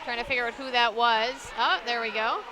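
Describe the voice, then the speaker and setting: A woman's voice: on the high side, steady tone, fairly quick. A woman commenting live on a roller derby game, enthusiastic, who also reads sponsor plugs. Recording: noisy arena broadcast feed.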